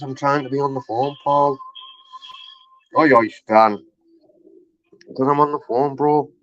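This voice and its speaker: A man in a casual vlog, loud and chatty and swearing freely while he waits on hold. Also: mid-range voice, no echo. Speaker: vlogger. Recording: slightly dull recording with faint music.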